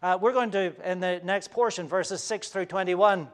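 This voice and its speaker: A male pastor preaching a sermon in an earnest, conversational way, climbing to emphatic peaks and then dropping soft. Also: sits high, moderate pace, smooth. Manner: frequent fillers and restarts, conversational preaching.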